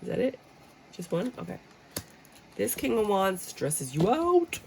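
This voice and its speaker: A woman doing a casual tarot reading, blunt and joking, acting out how people react in a lively way. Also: medium pitch, unhurried, gravelly, pauses often, slight background noise, low-quality recording. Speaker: tarot reader. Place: room with a squeaky chair.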